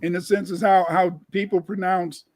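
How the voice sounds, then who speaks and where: In a casual livestream discussion, a man with a notably high, level voice explains things in a lecturing manner, often repeating words as he restarts. He speaks at a moderate pace with a darkish tone, and the sound is dry and close with no room echo.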